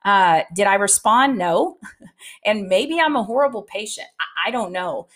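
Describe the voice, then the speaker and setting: A woman's voice: mid-range voice, expressive, a little slow, fairly bright tone. A middle-aged woman talking casually and candidly to practice teams, giving advice and telling stories with plenty of filler words.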